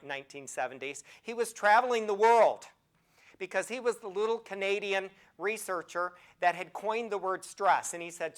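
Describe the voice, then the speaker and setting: A woman in her sixties, a nursing professor, giving a health talk to an audience as an animated storyteller who asks her listeners direct questions. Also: fairly low pitch.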